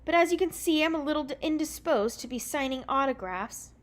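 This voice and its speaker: A woman reading aloud and voicing a cocky young man, with a loose attempt at an English accent and a loud, teasing manner. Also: high voice, expressive, fairly quick, voice pushed up.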